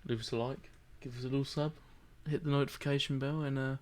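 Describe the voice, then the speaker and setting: A man's voice: mid-range voice, fairly even intonation, fast. A tired man co-hosting a podcast, rambling and joking through a casual late-night chat. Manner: rambling, joking, laughs often. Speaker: podcast co-host.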